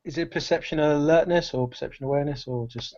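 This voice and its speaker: A man playing a tabletop game, describing a character in a halting, animated way with many fillers. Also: on the high side, muffled recording. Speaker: player.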